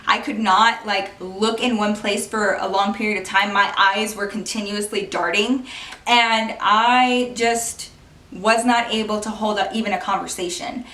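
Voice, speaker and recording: A young woman vlogger telling a personal story in a casual, animated way, swearing and laughing often. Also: mid-range voice. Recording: roomy, distant from the mic.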